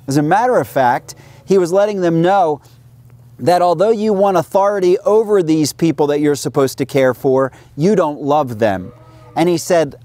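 A man's voice: a little high, normal speed, darkish tone, no room sound. A male American pastor preaching a sermon outdoors, talking in a conversational way and often restarting his words. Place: outdoors near a sheep pen.

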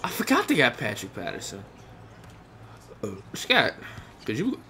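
A young man giving live commentary over his own basketball video game, reacting loudly to each play and talking to the players and his viewers. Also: mid-range voice, wildly swooping pitch, measured pace, vocal fry, a little hiss or hum. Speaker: gaming YouTuber.

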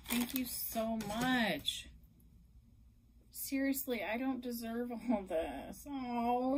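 A young adult woman gushing in a casual unboxing vlog, emotional and effusive, at times dropping to a soft whisper. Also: on the high side, very noisy. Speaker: reborn doll collector vlogger.

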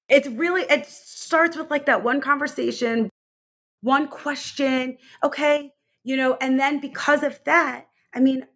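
A woman's voice: high-pitched, fairly bright tone, husky. A woman health coach as an interview guest, talking enthusiastically and rambling with many fillers. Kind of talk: conversational interview.

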